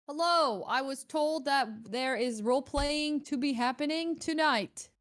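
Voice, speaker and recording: A woman's voice: sits high, a little slow, fairly bright tone. A woman streamer chatting casually on a voice call, playful and teasing. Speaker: streamer guest. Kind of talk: casual chat.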